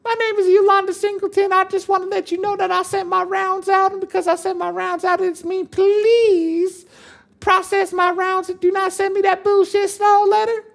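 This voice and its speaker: A man voicing a woman client calling a bureau in a put-on falsetto, insistent and polite. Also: flat delivery, normal speed, gravelly.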